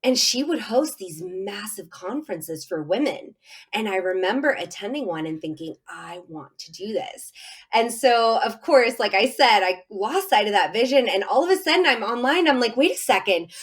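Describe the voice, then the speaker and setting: A woman guest on a podcast, telling her story in an animated, effusive way with lots of fillers. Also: on the high side, normal speed, breathy edge. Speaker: podcast guest, summit host. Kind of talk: casual podcast interview.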